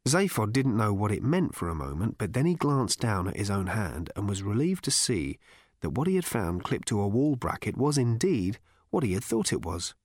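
A man narrating a story in scripted audiobook style, with a dry, wry, measured delivery. His pitch moves a lot, rising and falling across phrases. The recording is dead and close, with no room sound. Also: sing-song, darkish tone, breathy edge, dry recording.

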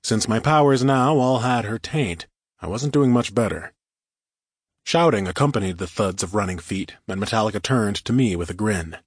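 Husky low-voiced male audiobook narrator. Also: moderate pace, no room sound, clean studio sound. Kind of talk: first-person action fiction narration.

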